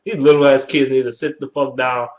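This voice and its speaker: A man's voice: mid-range voice, level tone, fairly quick. Early-20s man, Detroit accent, mid-range voice, heated profane vlog rant, muffled lo-fi sound. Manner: blunt, heated, swears constantly. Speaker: YouTuber. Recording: dull lo-fi webcam audio.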